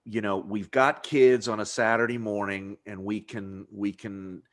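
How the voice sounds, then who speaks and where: A man's voice: lowish voice, flat delivery, a little slow. A man hosting a podcast interview in casual chat, rambling with lots of restarts and frequent laughter. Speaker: podcast host.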